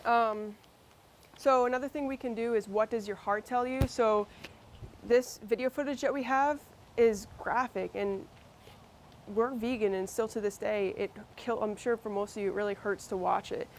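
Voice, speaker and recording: A woman's voice: a little high, steady tone, moderate pace, slight background noise. A woman with a Massachusetts accent presenting a workshop, talking conversationally with fillers and restarts. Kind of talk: instructional workshop talk.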